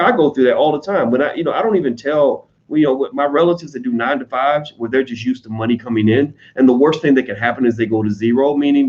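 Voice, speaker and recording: A man with an American accent talking casually to his audience, blunt and profane, slipping into quick mimicry of other people. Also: medium pitch, highs cut off. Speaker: online commentator on business. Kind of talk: casual unscripted monologue.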